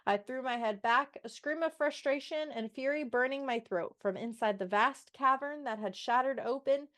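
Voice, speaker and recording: A woman's voice: sits high, normal speed, fairly bright tone. A woman co-hosting a book podcast in casual chat, sassy and swearing freely as she mocks the characters and reads passages aloud. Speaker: podcast co-host.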